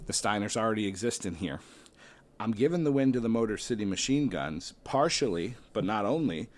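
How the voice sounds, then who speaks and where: A man casually commentating and thinking aloud while ranking tag teams, weighing options with excited outbursts and playful asides. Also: on the low side. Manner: self-deprecating, playful asides. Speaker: host ranking a wrestling tag team bracket.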